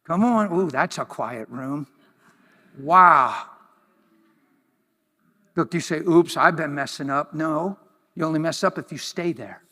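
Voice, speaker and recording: A man preaches a sermon in a church hall, his voice slightly high. He talks in an animated way, jumping from loud exclamations down to hushed near-whispers. Long reverb from the hall trails each phrase. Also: slow pace, long pauses. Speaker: pastor.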